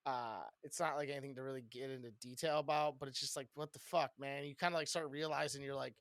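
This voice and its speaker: A man co-hosting a podcast, venting about work in loud, rambling, profane casual chat. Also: medium pitch, steady tone, fast talker, no echo. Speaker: podcast co-host.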